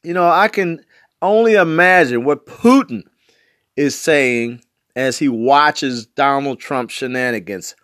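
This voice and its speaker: A man's voice: mid-range voice, slow pace, fairly bright tone, no room sound, studio quality. Emphatic man in his sixties ranting. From West Baltimore, USA. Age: 60s. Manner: emphatic, repetitive, slangy. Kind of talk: political commentary monologue.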